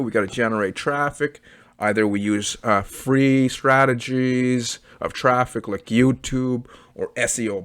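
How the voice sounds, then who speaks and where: A man with a Canadian accent walks through a casual screen-share review, chatty and blunt. He keeps checking in with his audience as he goes. His voice sits at an ordinary middle pitch, recorded close and dry with no room sound. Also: dry recording. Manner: chatty, blunt, leans on "okay" and "right?". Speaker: online business reviewer.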